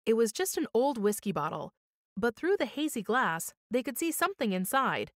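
A woman narrating a children's story with expressive storybook reading, recorded on a close studio mic. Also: fairly high pitch, normal speed, dry recording. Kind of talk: scripted narration.

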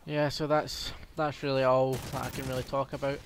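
A man's voice: mid-range voice, flat delivery, normal speed, slight background noise. A young man with a Scottish accent giving casual, rambling gameplay commentary, full of ums and hesitations. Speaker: gaming commentator.

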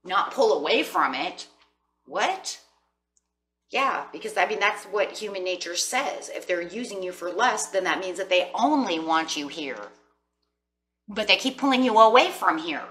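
A chatty woman gives a rambling tarot reading, her voice bright and a little low-pitched. She sounds set back from the mic in an echoey room. A faint hum sits behind her. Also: distant mic. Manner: chatty, rambling, addresses viewers as guys. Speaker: tarot reader.

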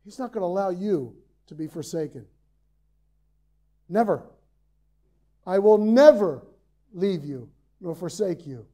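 High-voiced, mellow preacher at the pulpit. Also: male voice, expressive, a little slow, long pauses. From Ireland. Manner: rises to loud emphatic peaks, then drops to quiet earnest asides. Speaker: pastor. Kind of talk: sermon. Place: church sanctuary, preaching from the pulpit.

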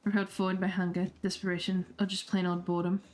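A woman's voice: lowish voice, flat delivery, fast talker, soft background music, close to an everyday voice. A woman voicing a shy, grim masked female hatchet killer from a dating game, reading the lines in her own plain voice with no accent.

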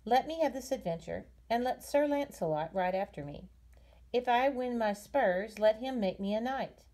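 A woman's voice: fairly high pitch, lively intonation, moderate pace, mellow, lightly acted. A woman reading an earnest young kitchen boy. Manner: earnest, respectful.

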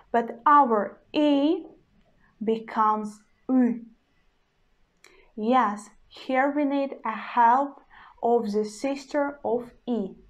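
A woman teaching pronunciation, saying each example word three times in a patient, careful way. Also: on the high side. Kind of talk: slow, deliberate language lesson.

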